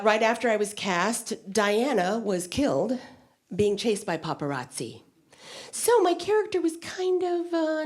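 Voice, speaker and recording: A woman comedian telling stories on stage in an animated stand-up delivery. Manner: animated storytelling with wide pitch swings.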